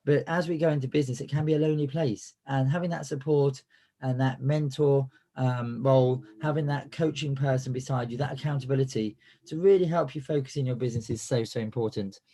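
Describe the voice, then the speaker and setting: A man's voice: mid-range voice, fairly even intonation, brisk, dark tone. A man with a cold and a cough, hosting a business coaching webinar in a chatty style full of fillers and restarts. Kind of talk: live webinar presentation.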